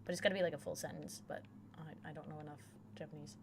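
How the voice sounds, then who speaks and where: A young woman streaming a horror game, whispering game text softly and then chatting loudly and excitedly. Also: low-pitched, quick pace, gravelly, slight background noise. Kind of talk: live gameplay commentary.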